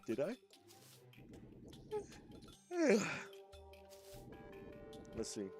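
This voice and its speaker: A man's voice: a little high, wildly swooping pitch, very slow, darkish tone, faint music behind. A man streaming a video game in a casual, profanity-heavy chat with viewers, sleepy and with a stuffy nose. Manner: swears constantly, chats with viewers. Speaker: gaming streamer. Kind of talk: casual gameplay commentary.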